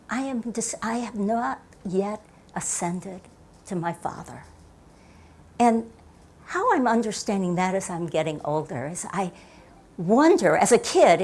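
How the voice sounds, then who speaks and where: A woman's voice: medium pitch, darkish tone, husky. An older woman pastor giving a reflective sermon in a church, reading scripture and telling stories, often dropping her voice to near whispers for emphasis. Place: church sanctuary.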